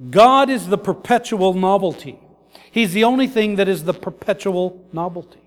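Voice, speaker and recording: A man's voice: sits high, animated, moderate pace, in a large hall. A man preaching a sermon as pastor, earnest and repetitive, building his points in lists.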